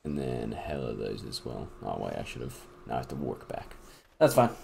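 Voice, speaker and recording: A man's voice: a bass voice, animated, moderate pace, gravelly, darkish tone, a little hiss or hum. A young man giving casual let's-play commentary at home. He gets hyped, swears freely and talks to himself and his game creatures. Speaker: gaming YouTuber and streamer.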